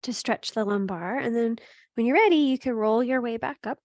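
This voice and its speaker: Calm woman guiding a gentle yoga class. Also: fairly high pitch, a little fast, no room sound, clean studio sound. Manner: calm, encouraging cues with frequent "right?" and "um"; speaks to students by name. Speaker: yoga teacher. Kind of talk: guided yoga class instruction.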